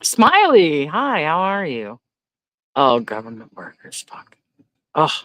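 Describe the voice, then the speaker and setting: A man hosting a casual livestream, reading viewer comments aloud. He talks in a blunt, profane rant and breaks into loud, high-pitched disbelief. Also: huge pitch swings, slow pace, no room sound. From Canada. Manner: loudly incredulous, rises to high exclaims. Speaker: livestream host.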